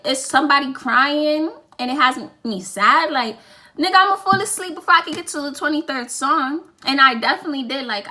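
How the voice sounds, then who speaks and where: A woman's voice: a little high, sharp tone. A woman vlogging her opinionated music review, talking emphatically, repeating lines for effect and swearing casually.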